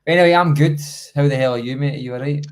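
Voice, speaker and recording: A man's voice: fairly high pitch, rapid-fire. Self-mocking Scottish man on a podcast. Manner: jokey, self-mocking, rambling. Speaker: regular podcast guest. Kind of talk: casual podcast chat.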